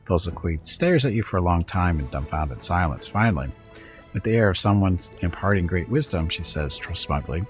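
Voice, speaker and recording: A man streaming a game, reading its narration aloud at a steady pace with offhand asides. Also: low-pitched, normal speed, soft background music.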